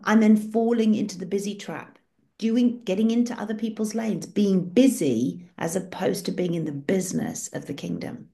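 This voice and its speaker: Encouraging woman leading prayer. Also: mid-range voice. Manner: warm, encouraging, storytelling. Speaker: prayer group leader. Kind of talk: guiding an online prayer session.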